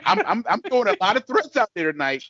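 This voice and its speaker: A man's voice: very high voice, wildly swooping pitch, fast, vocal fry, a bit bright, lo-fi sound, slight background noise. A man co-hosting a casual chat, telling stories animatedly and acting out quotes in exaggerated voices. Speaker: co-host.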